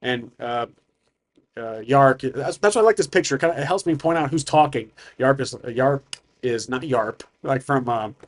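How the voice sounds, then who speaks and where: A man casually talking through a solo tabletop game, rambling with fillers and tangents. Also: medium pitch.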